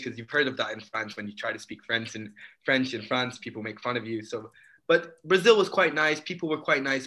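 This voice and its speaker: Bright-voiced animated storyteller man. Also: medium pitch. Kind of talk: casual group chat.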